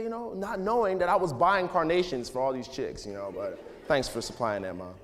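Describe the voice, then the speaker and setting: A man in his thirties speaking casually to an audience, relaxed and conversational with many fillers. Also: sits high, a little fast, hardly any pauses, a little hiss or hum. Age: 30s. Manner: relaxed and conversational, full of "you know" and "like", laughs often. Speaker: speaker giving a talk to students. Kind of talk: casual, candid talk to an audience. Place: large hall. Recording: long hall reverb.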